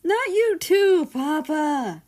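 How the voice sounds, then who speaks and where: A woman's voice: medium pitch, takes it slowly, darkish tone, lightly acted. A woman voicing a tired, embarrassed young man who protests in exasperation at his doting father. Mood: exasperated.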